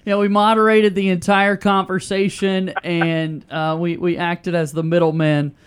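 A man hosting a sports talk radio show, brisk and upbeat, reading phone numbers and taking calls. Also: high-pitched, level tone, a little hiss or hum. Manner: brisk, upbeat host patter.

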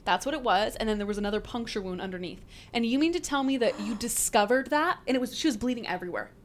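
A young woman telling a story on a podcast in a casual, animated way, swearing freely and peppering her talk with "like". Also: a little high, quick pace, a little hiss or hum. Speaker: podcast guest.

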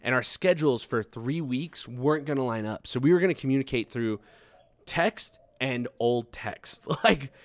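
A man's voice: mid-range voice, moderate pace, dry recording. A young man telling a long story in casual podcast chat, swearing freely and acting out how he reacted back then. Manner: swears often, acts out his own past reactions.

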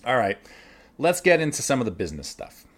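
A middle-aged man, a winemaker hosting a show, talking in a casual, animated, folksy way. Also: medium pitch, fairly quick. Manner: animated, conversational, folksy with sports metaphors. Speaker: winemaker and podcast host. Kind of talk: casual monologue.

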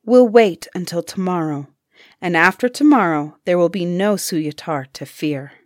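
A woman voicing a determined young male prince in a storybook, speaking in a slow, measured way. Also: on the low side, a little mellow, a little hiss or hum, close to an everyday voice. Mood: earnest.

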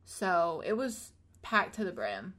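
Animated young woman telling a story. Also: on the low side, slow pace. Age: 20s. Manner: animated storyteller, laughs often, acts out quotes. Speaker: podcast host. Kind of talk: casual chat.

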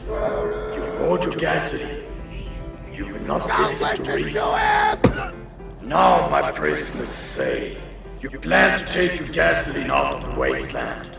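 An actor playing a menacing male wasteland warlord, a gravelly, booming voice in a film clip with music behind. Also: heavy reverb, far from the mic, exaggerated voice.

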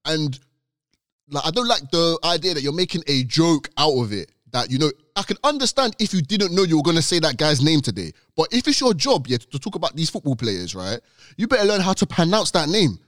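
A man's voice: fairly high pitch, big pitch swings, a bit bright, no room sound, studio quality. A man co-hosting a casual podcast, making his case insistently and acting out the people he quotes. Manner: quick, insistent, acts out quoted speakers. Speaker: podcast co-host.

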